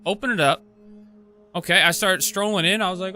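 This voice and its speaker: A man's voice: high voice, fairly quick, faint music behind. A young man telling a rambling story to his stream, cursing a lot and stumbling over restarts. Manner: profane, rambling, excitable, many restarts. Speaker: gaming streamer. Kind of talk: casual storytelling.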